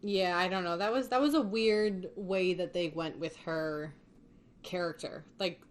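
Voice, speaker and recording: A woman's voice: fairly low pitch, unhurried, slight background noise. A woman chats her way through a film recap, loose and conversational. She laughs often and swears freely as she goes. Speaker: podcast host. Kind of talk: casual movie recap chat.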